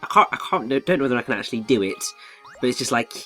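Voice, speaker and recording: A man's voice: mid-range voice, expressive, very fast, pushed and bright, soft background music. A man chatting casually as a game co-commentator, explaining things at rambling length.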